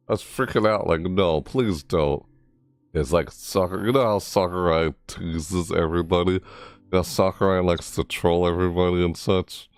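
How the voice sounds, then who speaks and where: Low-voiced excitable man reacting live. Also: normal speed, no room sound, soft background music. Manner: excitable, rambling, laughs often. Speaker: reaction streamer.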